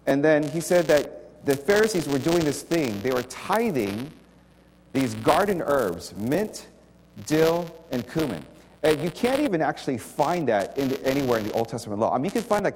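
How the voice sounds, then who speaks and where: A man's voice: mid-range voice, a little mellow. A man preaching a sermon with slides in a conversational, emphatic way, often repeating key words. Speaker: pastor. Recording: faint hall reverb and light noise.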